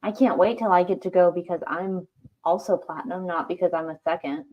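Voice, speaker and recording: A woman's voice: fairly low pitch, steady tone, a little fast. A woman co-hosting a livestream, chatting casually and often asking questions. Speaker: livestream co-host. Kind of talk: casual chat. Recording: dull lo-fi sound.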